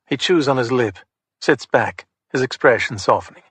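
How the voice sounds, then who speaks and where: A man narrating a crime thriller audiobook in the first person, in a measured, hard-boiled manner. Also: mid-range voice, fairly bright tone, husky, dry recording.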